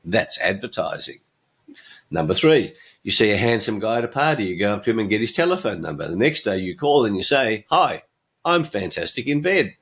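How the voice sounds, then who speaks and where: A man's voice: fairly low pitch, animated, a little fast. An older man hosting his own podcast, telling jokes and giving blunt opinions with a chuckle. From Australia. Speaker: podcast host.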